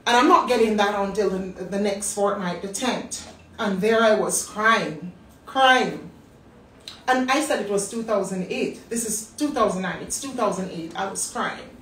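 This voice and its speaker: A woman in her thirties with a Jamaican accent, telling a personal story in a lively way and acting out what people said. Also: mid-range voice. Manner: animated storyteller acting out quotes. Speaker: business talk host. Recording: roomy, distant mic.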